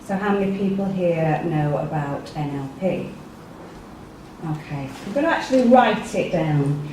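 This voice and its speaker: In an echoey meeting room with a distant mic, an English-accented woman gives a chatty workshop talk to a small live group, often asking them questions. Her voice is low, animated and unhurried, with a darkish tone and a faint hiss or hum underneath.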